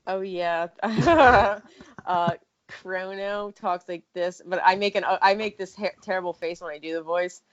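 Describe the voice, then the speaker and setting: Woman, artist guest, casual chatty podcast talk, lowish voice, dull muffled sound. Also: a little slow. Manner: chatty, laughs often, painting while talking.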